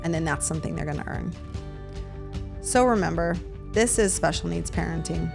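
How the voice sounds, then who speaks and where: A woman's voice: lowish voice, moderate pace, creaky, music in the background. A woman hosting a parenting podcast, giving direct, encouraging advice and acting out little quotes. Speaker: podcast host.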